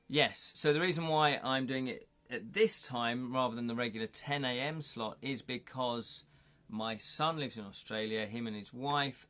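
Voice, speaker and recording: A man's voice: mid-range voice, fairly bright tone. Middle-aged male host, live-stream banter, laughs a lot, casual. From United Kingdom. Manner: chatty, jokey, laughs often. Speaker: livestream host. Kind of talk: casual chat reading live comments.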